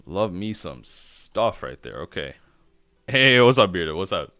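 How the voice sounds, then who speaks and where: A man with a low voice that swings up and down with a bright, forceful edge, commentating his own game on a live stream. He rambles through his thinking out loud and restarts his sentences as he works out each play. The sound is dry and close, with no room around it. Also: sing-song, a little slow, no echo. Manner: thinks aloud, rambling self-talk with restarts. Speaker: streamer playing a card game.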